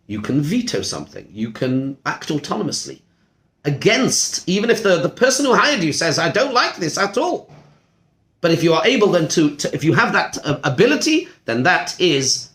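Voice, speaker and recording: A man teaching a Torah class as a rabbi, animated and full of rhetorical questions. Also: fairly high pitch, echoey room. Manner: animated, uses Hebrew terms, asks rhetorical questions. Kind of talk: lively Torah lesson.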